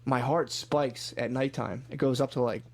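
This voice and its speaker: A man's voice: mid-range voice, steady tone, moderate pace. A man on a podcast in casual chat, rambling through a story and acting out his own quotes. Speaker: podcast co-host.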